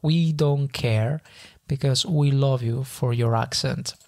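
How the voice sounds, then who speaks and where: A man's voice: medium pitch, a little mellow, no room sound. Italian-accented man, dry close sound. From Italy. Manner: halting, many fillers and restarts when speaking off-script. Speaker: podcast host. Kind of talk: retelling a speech with personal asides.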